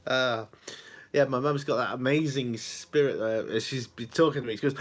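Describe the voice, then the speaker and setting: A man's voice: mid-range voice, moderate pace. A middle-aged man chatting casually to camera at home, rambling, chuckling and losing his thread. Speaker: vlogger. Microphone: camera on a small tripod.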